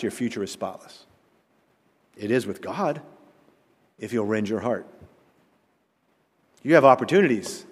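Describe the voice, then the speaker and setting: A man, a pastor, preaching a sermon that swings from loud declarations to hushed asides. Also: mid-range voice, in a large hall.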